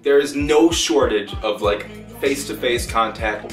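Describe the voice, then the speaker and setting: A man's voice: mid-range voice, unhurried. A man giving a profane, exasperated comedic rant as a gaming video maker, acting out both sides of the story. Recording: roomy echo, distant mic, faint music.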